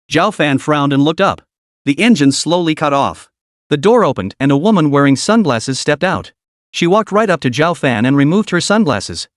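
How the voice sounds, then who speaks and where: A man's voice: fairly high pitch, no room sound, studio quality. A man reading scripted story recap narration in a dramatic storytelling manner.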